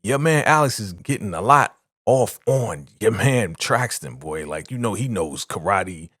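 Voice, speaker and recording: Man, low voice, dry close sound, casual episode recap, animated retelling. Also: no echo. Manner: animated retelling, quoting characters in quick bursts. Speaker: show reaction host.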